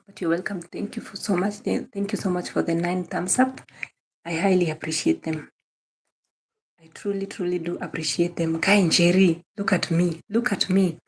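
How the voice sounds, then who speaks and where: Kenyan lady on a live stream, kinda low voice, greeting everyone by name over and over, slips into swahili. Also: steady tone, moderate pace, a little mellow, slight background noise. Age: young adult. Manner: greets viewers by name, repeats phrases; mixes Swahili into English. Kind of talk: casual live-stream chat.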